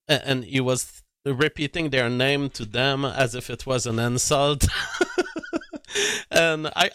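A man's voice: medium pitch, bright, forceful tone, smooth, no echo, clean studio sound. A man telling a rambling story to his audience, often restarting his sentences. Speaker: commentator.

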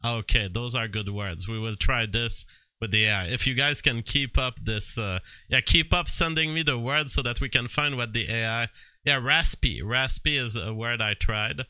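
A man's voice: medium pitch, moderate pace, pushed and bright, smooth, no room sound. A man streaming live, commenting on AI-made songs, reading out chat messages and laughing often as he talks. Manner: chatty, laughs often, imitates sounds playfully.

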